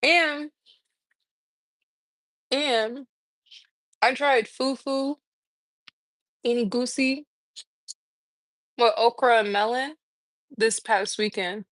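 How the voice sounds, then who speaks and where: A woman's voice: a little high, steady tone, very slow, long pauses, a bit bright, no room sound. A young adult woman hosting a casual morning live stream from her kitchen, chatty and laughing as she tells stories while eating. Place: home kitchen. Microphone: phone mic.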